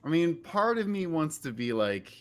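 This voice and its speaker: Playful man with a lively voice. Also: fairly high pitch, moderate pace. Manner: joking, playful. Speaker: guest. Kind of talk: casual game-stream chat.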